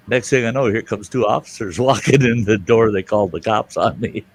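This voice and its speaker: An older man telling a story in casual chat, animated and loud, jumping into outraged voices for the people he quotes. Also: on the low side, normal speed, dry recording. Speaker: show host telling a story.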